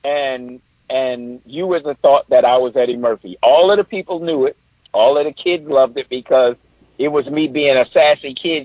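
A man's voice: medium pitch, moderate pace, no room sound, highs cut off. A middle-aged man, a comedian guest on a podcast, telling a story with energy and acting out other people's voices.

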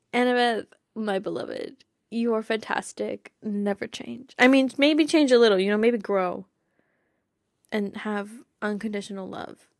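A woman's voice: medium pitch, a little slow, vocal fry, a little mellow, no room sound, clean studio sound. A woman hosting a casual fan podcast, bubbly and giggly, rambling with lots of "like" and "you know.". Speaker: podcast host.

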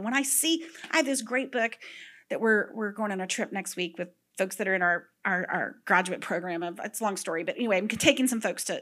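A middle-aged woman preaching a sermon, telling stories with animated energy, dropping to whispers and breaking into shouts. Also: medium pitch. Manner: animated storytelling, drops to whispers and bursts into shouts.

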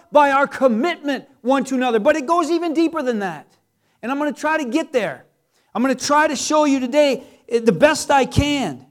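A middle-aged man delivers a sermon with an unusually high voice. He talks in a loose, conversational way, cracking jokes and asking the congregation one rhetorical question after another. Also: a bit bright. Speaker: pastor.

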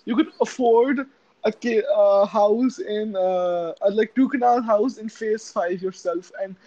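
A man's voice: high-pitched, unhurried, mellow, dull audio. A man co-hosting a casual podcast, joking and giggling, often stammering and repeating words. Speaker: podcast co-host. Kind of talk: casual chat.

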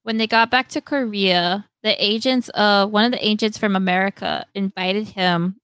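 Smooth-voiced woman retelling a story. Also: mid-range voice, normal speed, dry recording. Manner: animated storyteller, acts out quoted lines. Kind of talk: casual fan chat.

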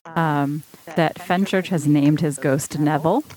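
Woman, low voice, thoughtful measured podcast talk. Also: steady tone, darkish tone, low-quality recording. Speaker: podcast co-host. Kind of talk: casual discussion.

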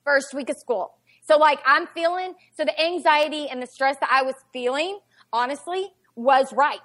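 Woman, 40s, podcast guest; slightly high voice, chatty, animated storytelling full of "like". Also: moderate pace. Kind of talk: casual storytelling chat.

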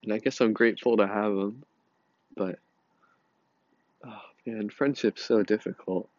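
Slow-talking angry man, sighing. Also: fairly low pitch, fairly even intonation, no echo, dull audio. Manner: halting, repeats words, frequent sighs. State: angry and overwhelmed. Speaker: podcast host. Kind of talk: personal confessional monologue.

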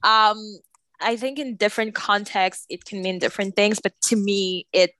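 A woman from Cameroon, a podcast guest, speaking thoughtfully and pausing to search for words. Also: medium pitch, steady tone, a bit bright, dry recording. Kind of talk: casual podcast interview.

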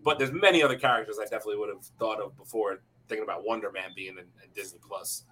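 A man co-hosting a podcast in casual chat, animated and swearing freely, often laughing. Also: lowish voice, quick pace, husky. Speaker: podcast co-host.

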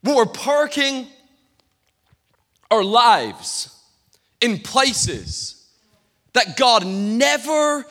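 A Scottish man, a guest pastor, preaching a sermon with humorous storytelling and quick stammered repeats, in a church hall. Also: very high voice, big pitch swings, pushed and bright. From Scotland. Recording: long reverb of a church hall.

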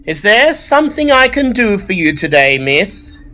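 Brief: man doing a high, clipped voice for a disapproving forties-era woman librarian. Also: very animated, a little slow, pushed and bright, a little hiss or hum, full character voice. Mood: curt, suspicious. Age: 40s. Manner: prim, curt, high-pitched put-on voice. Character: stern middle-aged woman librarian, dismissive.

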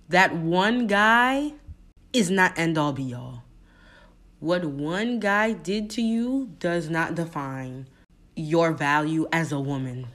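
Young woman doing a solo podcast, deep-ish voice, talks slow, blunt and heated, lots of cussing. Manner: blunt, profane and impassioned. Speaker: podcast host.

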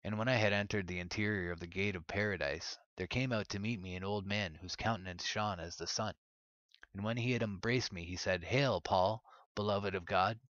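Man, very deep voice, solemn measured reading, dull muffled recording. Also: fairly even intonation, fairly bright tone, no echo. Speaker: narrator. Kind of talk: scripted reading of an ancient religious text.

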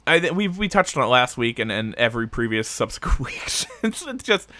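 A man's voice: medium pitch, sing-song, a little fast, sharp tone, no room sound. A man co-hosting a podcast in casual chat, rambling with restarts, swearing freely and laughing. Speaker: podcast co-host.

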